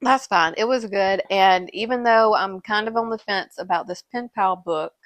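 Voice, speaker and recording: A woman co-hosts a podcast in casual chat, full of playful banter and easy laughter. Her voice sits at a middle pitch. The recording is dry and close-miked. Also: normal speed, no room sound. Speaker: podcast co-host.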